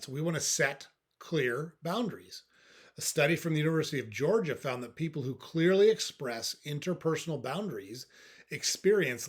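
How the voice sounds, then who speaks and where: A man hosting an advice talk, coaching in a calm, direct way and often checking in with "okay?" and "right?". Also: medium pitch. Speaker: host.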